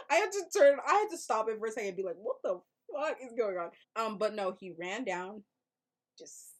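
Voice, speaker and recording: A woman vlogger recapping a movie in casual chat, animated and laughing, with loud exaggerated outbursts. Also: medium pitch.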